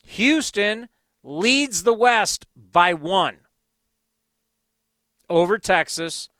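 Excitable bright-voiced male sports host. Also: sits high, very slow, no room sound. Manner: excitable, bursts into loud exclamations. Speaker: radio sports show host. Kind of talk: scoreboard rundown.

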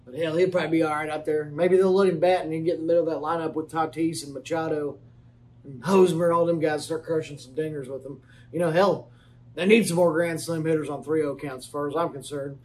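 Man, podcast host, a bit high-pitched, rambling folksy banter, casual swearing, comedic sports rundown. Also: steady tone, quick pace, a little mellow, a little hiss or hum. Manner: rambling folksy banter, swears casually, keeps saying "you know what I mean".

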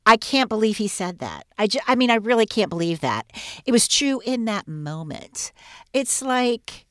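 A woman's voice: fairly high pitch, expressive, a bit bright, no echo, clean studio sound. A woman co-hosting a podcast, giving her opinions in an emphatic, casual chat. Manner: opinionated, emphatic, quick asides. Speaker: podcast co-host.

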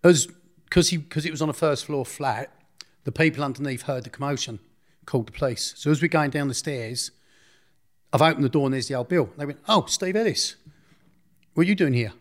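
A man's voice: medium pitch, a little fast. A man recounting a personal story in an interview, blunt and slangy, often restarting his sentences.

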